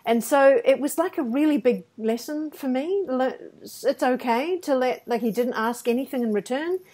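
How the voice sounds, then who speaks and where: A podcast co-host whose voice sits high shares personal stories at a moderate pace in casual conversation. Her telling is animated, with acted-out quotes and self-deprecating laughs.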